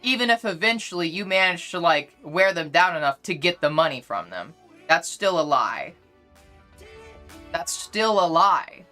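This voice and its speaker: Faint music plays as a young woman on a casual livestream insists on her point to chat, repeating herself again and again. Her voice, on the low side, is bright and forceful.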